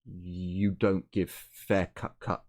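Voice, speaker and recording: A man voicing a gruff male guide who speaks in broken, clipped phrases. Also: low voice, little pitch movement, slow pace, darkish tone. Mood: blunt.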